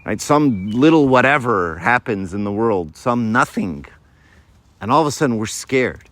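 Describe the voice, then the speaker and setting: A man's voice: medium pitch, expressive, moderate pace, fairly bright tone, no room sound. Man in his 50s, faith talk to young people, informal, keeps saying right?, acts out little scenes. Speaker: speaker giving a faith talk.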